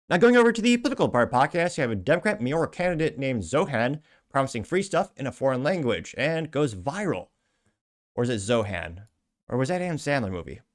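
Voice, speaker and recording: A man hosting a podcast, reading out social media posts with sarcastic, rambling asides. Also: medium pitch. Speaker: podcast host.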